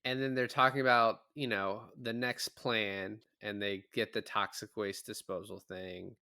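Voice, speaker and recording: A man co-hosting a podcast, recapping a film in casual chat, swearing, laughing and jumping into high mock voices for the characters. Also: little pitch movement, measured pace, bright, forceful tone, clear, resonant tone, no room sound, studio quality. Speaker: podcast co-host.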